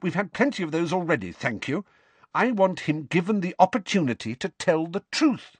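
A sharp, know-it-all teenage girl snaps back with crisp impatience, voiced by a man reading a story. Her voice sits far above his own and bounces lively in pitch. The sound is dry and close. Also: moderate pace, dry recording, exaggerated voice. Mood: tart. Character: clever, sharp-tongued teenage girl, bossy.

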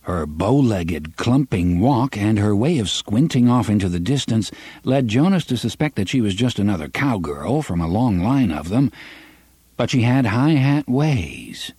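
A man reading a western novel aloud as audiobook narrator, with an expressive, varied delivery on a close studio mic. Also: on the low side, unhurried, husky, no room sound. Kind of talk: scripted narration.

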